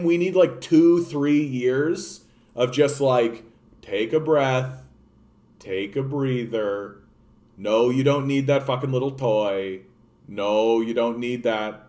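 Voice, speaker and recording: A young man from Canada ranting about politics, swearing often and swinging between loud outbursts and hushed, soothing asides. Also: a little high. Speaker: political streamer. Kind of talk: profane political rant.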